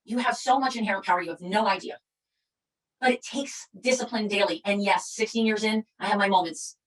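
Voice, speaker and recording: A woman's voice: medium pitch, low-quality recording. A middle-aged woman giving a fervent, preachy motivational speech as a leader of a sales company. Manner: fervent, preachy, rapid-fire. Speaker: MLM company leader giving a training talk.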